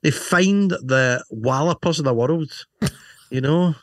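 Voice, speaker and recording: A man's voice: a little high, slow pace, a bit bright, no echo. A man, chatting on a podcast as co-host. He rambles through bike news with self-mocking jokes, and the recording is dry and close. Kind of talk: casual banter reading bike news.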